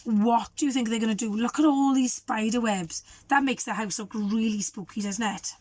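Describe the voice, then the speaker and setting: A woman teacher, a little croaky, reading a children's storybook aloud and asking the listeners questions. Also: fairly high pitch, moderate pace, no room sound. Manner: warm, asks the children questions. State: hoarse.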